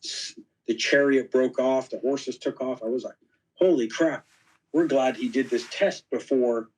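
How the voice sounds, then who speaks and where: Guy on a podcast telling stories, mid pitch, acts out the dialogue, lots of "you know". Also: unhurried, rough recording. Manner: animated anecdotes, acting out quoted dialogue; frequent fillers like "you know". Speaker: podcast guest. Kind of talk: casual storytelling interview.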